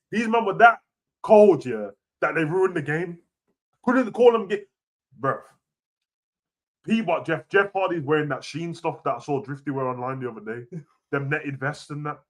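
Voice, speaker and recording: A young man rants casually about wrestling, full of slang and swearing, swinging between low mutters and loud outbursts. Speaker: wrestling reaction host. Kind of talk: casual rant.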